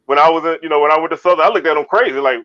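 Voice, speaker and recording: A man from Baton Rouge, Louisiana races through casual sports talk as a co-host, his voice on the high side. He often starts over and repeats his words. The recording sounds dry, dull, and lo-fi.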